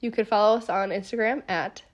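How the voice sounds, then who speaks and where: A young woman co-hosting a podcast in casual chat, speaking softly with a sick, hoarse voice and lots of filler words. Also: medium pitch, a little fast, highs cut off. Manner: soft-spoken, lots of "like" fillers. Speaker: podcast co-host.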